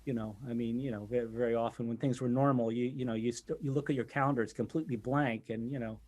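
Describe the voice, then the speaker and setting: A man, the guest drummer, telling casual stories in a podcast interview, talking in halting bursts with many restarts and fillers. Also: medium pitch, steady tone, a little mellow.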